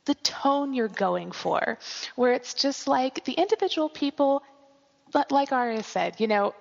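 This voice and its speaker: A woman's voice: a little high, creaky. A woman co-hosting a podcast in casual chat, telling a rambling, amused story with many fillers. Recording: dull audio with long reverb.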